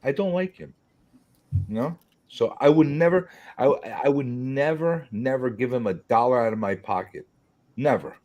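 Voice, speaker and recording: A man's voice: medium pitch, normal speed, darkish tone, lo-fi sound. A man in casual chat, telling a heated story full of swearing and mocking re-enactments.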